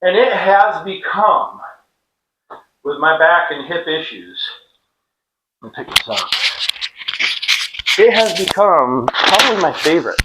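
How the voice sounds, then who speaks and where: There's background noise as a middle-aged man, a fitness instructor on a clip-on mic, demonstrates a workout drill. His voice is on the high side with lively intonation, slow and often pausing, and he jokes casually while calling out cadence counts.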